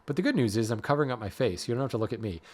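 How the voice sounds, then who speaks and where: A man's voice: mid-range voice, sing-song, very fast. A man hosting a woodworking podcast, explaining wood grading and color in a casual, self-deprecating way that often restarts mid-sentence. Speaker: podcast host, hardwood lumber expert.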